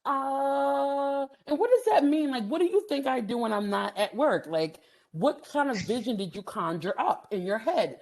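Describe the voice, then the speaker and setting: A middle-aged woman gives a storytelling lecture, animated, laughing often and using many "um" fillers. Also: high-pitched, moderate pace. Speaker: housing development speaker.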